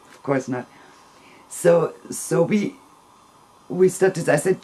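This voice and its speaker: A man telling a long personal story in a casual, rambling, gentle way, with soft laughs between phrases. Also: a little high, lively intonation, unhurried, slightly rough.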